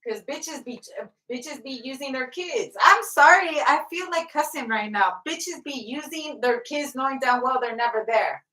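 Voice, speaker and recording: A woman's voice: high-pitched, lively intonation, moderate pace, sharp tone. A woman giving a casual tarot reading, blunt and profane, often breaking into laughter. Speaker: tarot reader. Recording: roomy sound from off the mic.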